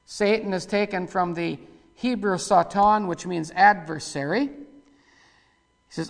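A man preaching a sermon in a rough, folksy way, breaking into loud outbursts and sliding back to plain talk. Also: high-pitched, a little slow, long pauses. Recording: echoey hall with long reverb.

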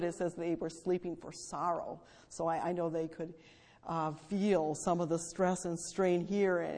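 Earnest woman preacher, slightly low voice, reverberant space. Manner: earnest, rising to fervent then hushed. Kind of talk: sermon. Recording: long reverb.

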